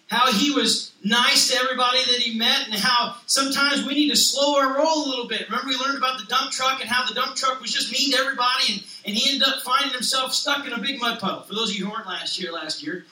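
Bright-voiced man preaching in an echoey hall. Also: very high voice. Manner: animated storytelling with raised character voices. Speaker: pastor. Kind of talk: sermon with a read-aloud children's story. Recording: echoey room from far off.

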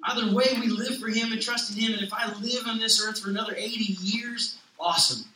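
A man preaching a sermon, reading a children's story aloud with lively character voices. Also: high-pitched, a little fast, a little hiss or hum. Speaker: pastor. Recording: echoey room from far off.

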